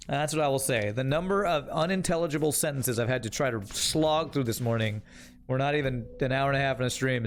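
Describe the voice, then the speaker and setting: A man's voice: on the high side, expressive, normal speed. A young man streaming a game, casually commenting on play and teasing his chat in a wry way. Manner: wry, teasing, talks to chat while playing.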